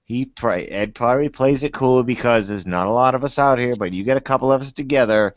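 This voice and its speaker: A man in his forties with a Boston accent, talking in a loud, joking, crude way on a panel call. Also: medium pitch, brisk, no room sound. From New England. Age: 40s. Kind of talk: casual call chat. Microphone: video call. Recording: dull, dry call audio.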